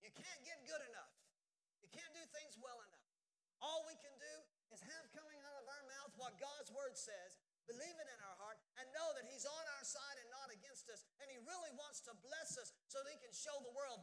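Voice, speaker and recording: A man's voice: very high-pitched, expressive, fairly quick, fairly bright tone, poor audio. A man preaching a sermon in church, emphatic and folksy, talking straight to the congregation. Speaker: pastor.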